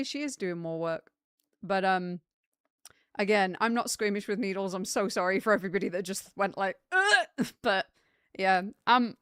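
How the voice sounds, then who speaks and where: A young woman talks to her stream in a loose, rambling way, with plenty of fillers and restarts. Her voice is smooth and clear, and the sound is close and dry with no room echo. She sits in the middle of the usual pitch range for women. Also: fairly bright tone. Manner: chatty, rambling storytelling with many fillers. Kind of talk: casual chat with live chat.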